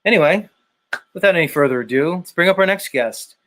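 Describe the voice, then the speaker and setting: A man's voice: a little high, expressive, brisk, a bit bright. A man hosting a livestream show, ranting in a sarcastic, mock-exasperated way and swearing often. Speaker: show host. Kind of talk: casual sarcastic livestream rant.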